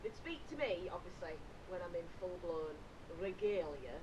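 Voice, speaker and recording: A woman's voice: fairly low pitch, very animated, moderate pace, background noise. A woman with a Yorkshire accent, co-hosting a casual podcast chat, chatty and teasing and laughing often. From Yorkshire, England. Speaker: podcast co-host.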